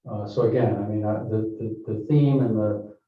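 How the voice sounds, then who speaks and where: A man presenting a building project at a public meeting, talking haltingly with frequent fillers and restarts. His fairly low voice sits far from the microphone and rings around a very echoey council chamber. The sound is dull and muffled. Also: fairly even intonation. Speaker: project developer presenting to a town board. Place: town hall meeting room.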